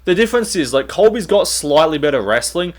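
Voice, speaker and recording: A man's voice: on the high side, big pitch swings, brisk. A young man giving a casual, blunt commentary rant, swearing freely and filling his talk with "like" and "bro". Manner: blunt, swears often, says "bro", many fillers. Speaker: MMA commentator and channel host.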